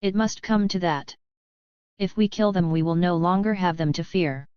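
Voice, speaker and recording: Shaken german soldier man, slow halting words, low smooth voice read by a woman, dull dry recording. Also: a little mellow, no room sound, natural voice. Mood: grave.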